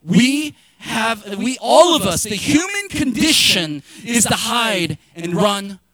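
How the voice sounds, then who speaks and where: A middle-aged male pastor giving a sermon, chatty and joking, then rising to shouted emphasis. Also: high voice, sing-song, slow pace.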